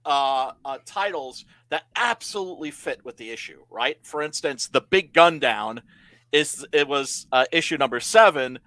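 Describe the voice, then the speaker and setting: A man chatting casually on a comics talk stream, telling stories in an animated, emphatic way. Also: mid-range voice, normal speed, no echo. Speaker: comic creator guest. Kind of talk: casual podcast chat.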